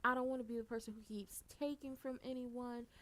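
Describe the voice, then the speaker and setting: A woman's voice: a little high, fairly even intonation, a little fast, a bit bright, close to an everyday voice. A woman voicing a flustered, apologetic young woman in a gushing, breathless way.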